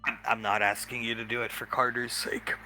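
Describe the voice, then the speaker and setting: A man playing in a tabletop game, talking in an animated way with sudden shouts and curses. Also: medium pitch, fairly quick, soft background music. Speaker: player. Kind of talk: tabletop role-play.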